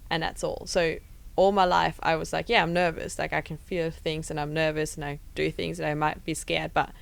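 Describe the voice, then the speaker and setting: German-born woman coach, low and gravelly, easygoing podcast talk. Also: little pitch movement, brisk. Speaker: fitness coach, podcast co-host. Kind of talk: casual podcast chat.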